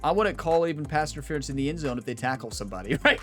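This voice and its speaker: A man hosting a gaming channel, wrapping up a series in casual, rambling chat, often laughing and swinging between excited and subdued. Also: a little high, fast, few pauses, faint music behind. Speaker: gaming YouTuber host.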